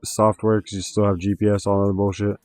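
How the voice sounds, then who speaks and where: A man with a low, dark voice hosts a loose livestream chat. He rambles, swears constantly and leans on fillers. The sound is dry and close, with faint music underneath. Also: little pitch movement, fast, dry recording. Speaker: livestream host.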